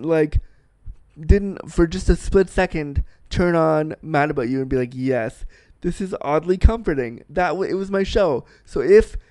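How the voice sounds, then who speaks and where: A man's voice: fairly high pitch, a little mellow, clear, resonant tone, dry recording. A man in his thirties giving a candid, casual film review, blunt and profane, with self-deprecating asides.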